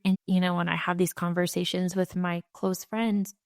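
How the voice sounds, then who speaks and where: A woman hosting a podcast, speaking in a measured, sincere way with long reflective sentences. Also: lowish voice, little pitch movement, dry recording, clean studio sound. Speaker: podcast host. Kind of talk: warm conversational interview.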